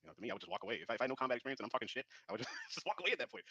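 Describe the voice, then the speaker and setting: A man's voice: mid-range voice, sing-song, very fast, pushed and bright, slightly rough, no echo, dull audio. A man from Georgia on a casual panel, telling stories with many hesitant fillers. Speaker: panel guest. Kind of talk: casual chat.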